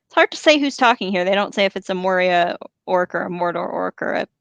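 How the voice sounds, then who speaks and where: A woman reads a novel aloud on a podcast and breaks off to joke about it. Her voice has a gravelly fry, recorded close and dry. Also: lowish voice, lively intonation, fast, fairly bright tone, dry recording, highs cut off. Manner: laughing, playful. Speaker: podcast co-host and reader. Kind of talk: reading a novel aloud and chatting.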